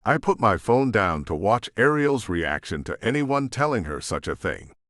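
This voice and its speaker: A man narrating a romance audiobook in an expressive first-person storytelling style. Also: on the low side, normal speed, no echo, clean studio sound. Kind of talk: scripted narration.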